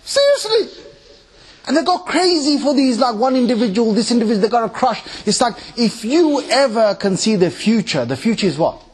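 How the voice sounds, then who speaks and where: A man giving a lively religious lecture in an animated, mocking, conversational way. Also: very high voice, a little fast, hardly any pauses, husky. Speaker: Islamic lecturer. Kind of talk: lively sermon-style lecture.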